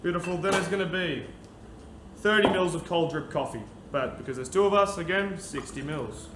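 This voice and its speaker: In an echoey room with background noise, a young podcast host and bartender cheerfully walks viewers through mixing a cocktail on his laid-back talk show. His voice is a little high, and he keeps a moderate pace.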